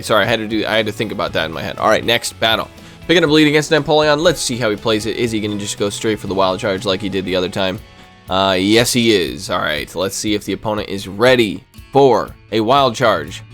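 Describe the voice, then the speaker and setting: A man casually commentating on a video game battle, reacting aloud to each move with quick bursts of excitement. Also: lowish voice. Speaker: gaming commentator.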